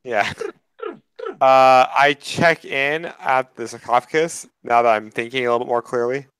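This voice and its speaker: Smooth-voiced man asking rules questions. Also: medium pitch, normal speed, fairly bright tone, no room sound. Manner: polite, asks careful rules questions. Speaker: player. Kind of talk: casual tabletop game chat.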